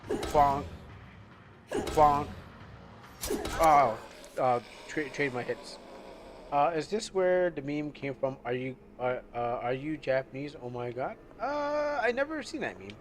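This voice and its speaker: A man with a fairly high, expressive voice gives casual live commentary while streaming a game. He talks slowly with frequent pauses, chatting and rambling as he loses his train of thought.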